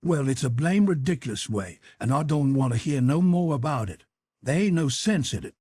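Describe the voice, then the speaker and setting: A man's voice: on the high side, expressive, normal speed, darkish tone, husky, no echo. A man reading an audiobook, voicing a stubborn, folksy grown man who argues insistently in heavy dialect.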